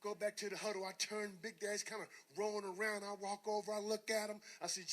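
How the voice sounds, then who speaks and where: A man, a former football player, telling a story to a live audience as a motivational speaker, animated, dropping quiet and then shouting. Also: high voice, fairly quick, hardly any pauses.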